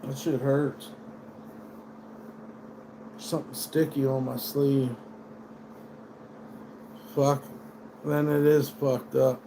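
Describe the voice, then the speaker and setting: A man's voice: medium pitch, flat delivery, very slow, long pauses, noisy background. A man from the United States ranting casually on a livestream, swearing often and drifting between sardonic tangents. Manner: profane, rambling, sardonic. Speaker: livestream host. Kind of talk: rambling livestream rant.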